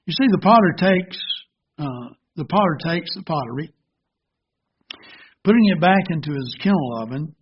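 A man's voice: a little high, lively intonation, husky, lo-fi sound. A man preaching a sermon, earnest and illustrative, telling a parable. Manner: slow, earnest, gently illustrative. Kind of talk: sermon with storytelling.

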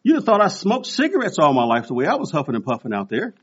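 On a dull, lo-fi recording, a pastor in his sixties delivers a sermon, telling stories and acting out quoted voices with animation. He talks fast, and his voice is on the high side with a breathy edge.

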